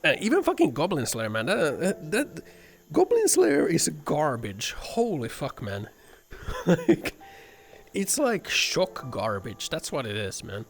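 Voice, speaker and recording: A man's voice: a little high, huge pitch swings, slow pace. A man streaming, ranting casually with lots of swearing and filler words. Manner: rambling, profane, fillers "like" and "man". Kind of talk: casual chat.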